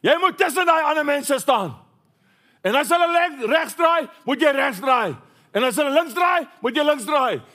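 A man shouting as a grumpy Afrikaans sergeant major. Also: very high voice, wildly swooping pitch, very slow, hardly any pauses, voice pushed up, exaggerated voice. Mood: angry. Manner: barking drill commands.

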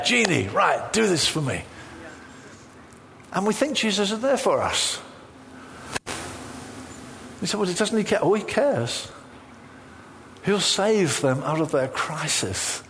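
A man's voice: high voice, slight background noise. A man preaching a sermon, telling a personal story full of quoted dialogue. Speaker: pastor.

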